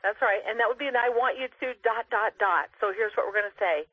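An emphatic sales trainer leads a conference call, hammering key phrases home with repetition. The sound is a tinny phone line, dry and close, with a slightly husky voice. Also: medium pitch, fairly quick, hardly any pauses, no echo.

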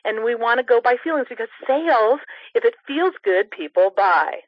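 A woman's voice: fairly high pitch, lively intonation, normal speed, no echo. A woman leading a sales training on a conference call, coaching in an upbeat way and demonstrating voice tones. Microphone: telephone. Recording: muffled dry phone-call audio.

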